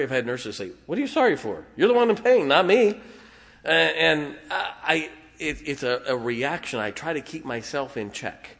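A man's voice: mid-range voice, a bit bright. A middle-aged man preaching a sermon as pastor, folksy and self-deprecating, with frequent chuckles. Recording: long hall reverb.

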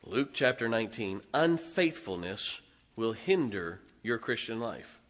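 Preaching in a fairly low voice, this middle-aged pastor is very animated yet unhurried. He spins humorous stories from his own life in a folksy style, moving from soft asides to loud, forceful declarations.

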